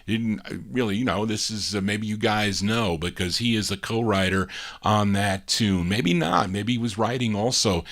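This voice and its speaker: A man's voice: lowish voice, moderate pace, fairly bright tone. A man hosting a live oldies record show, chatting casually between songs and musing aloud over record details. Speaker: radio-style show host and DJ.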